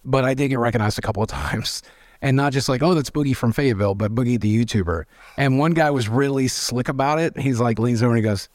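A man, telling candid stories as an interview guest, animated and swearing freely as he acts out quoted voices. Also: mid-range voice, fast talker, no room sound, clean studio sound. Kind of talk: candid storytelling.

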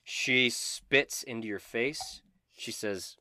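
Game master, male, low voice, dry close sound, steady narration. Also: moderate pace, dry recording.

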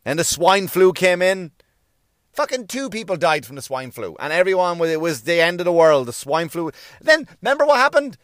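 A man's voice: sits high, sing-song, moderate pace, a bit bright, no echo, studio quality. Swearing man ranting. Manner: sarcastic, swearing, rhetorical questions. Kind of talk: profane comic rant.

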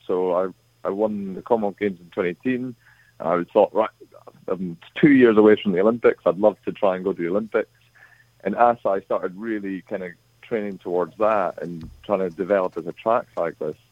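Low-voiced man on a tinny phone line. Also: no room sound. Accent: partly New Zealand. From Britain. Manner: chatty, rambling, many fillers. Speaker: guest cyclist. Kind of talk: casual phone interview.

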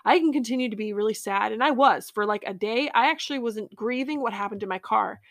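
A woman hosting a podcast, sharing a personal faith reflection in an earnest, heartfelt way, with pauses and fillers. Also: fairly high pitch, fairly bright tone, dry recording, studio quality. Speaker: podcast host.

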